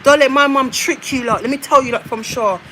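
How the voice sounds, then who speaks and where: A woman launches a heated, repetitive rant aimed straight at her mother. Her voice sits high, and a faint hiss of background noise runs under her words. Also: fairly quick, bright, forceful tone, poor audio. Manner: confrontational, repetitive, addresses her mother directly. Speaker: vlogger. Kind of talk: emotional rant to viewers.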